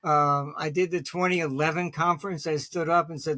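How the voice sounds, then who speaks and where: A fairly high-pitched man speaks in a dry, close recording. He answers interview questions with long, loose anecdotes, drifting between half-finished sentences and stopping often to clear his throat. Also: flat delivery, brisk, hardly any pauses, a bit bright, no room sound. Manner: restarts sentences, many fillers. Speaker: interview guest, market forecaster.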